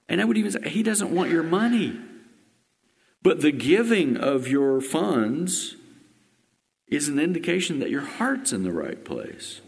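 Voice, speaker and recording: A male pastor preaching a sermon, firing rhetorical questions and swinging between loud emphatic lines and hushed ones. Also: fairly high pitch. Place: church sanctuary. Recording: long hall reverb.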